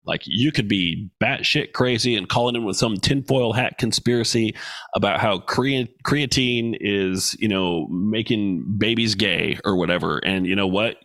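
Male podcast host, gravelly voice, blunt and joking, dry close recording. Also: lowish voice, a little slow, fairly bright tone, no echo. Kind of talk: casual solo podcast talk. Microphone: studio microphone with headphones.

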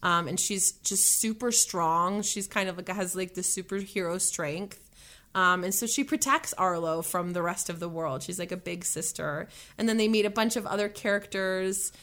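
A woman's voice: lowish voice, moderate pace, a bit bright. A young woman chatting as an interview guest, talkative and cheerful, laughing often and using many fillers. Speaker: musician and voice actor guest. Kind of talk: casual interview chat.

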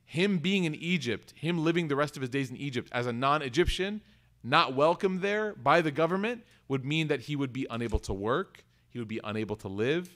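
Lively man teaching a religious class. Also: on the high side, a little fast. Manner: conversational, acts out quoted voices, asks the audience. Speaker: Islamic teacher. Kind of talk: lecture on scripture.

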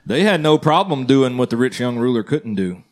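This man co-hosts a casual Christian podcast, speaking at a moderate pace in a mid-range voice with lively intonation. He talks earnestly but loosely, checking in with the others as he goes.

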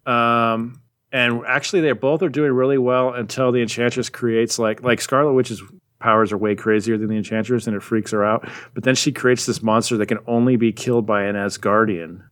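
Man, podcast co-host, relaxed rambling recap, mid-pitched everyday voice. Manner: rambling, animated retelling with quick voices for characters. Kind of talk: casual chat.

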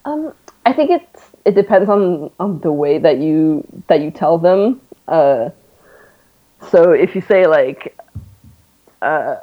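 Her voice is low-pitched and expressive, with a measured pace. As an interview guest, the young Canadian woman with a North American accent keeps things casual and laughs a lot amid her fillers, all over a tinny, phone-like line.

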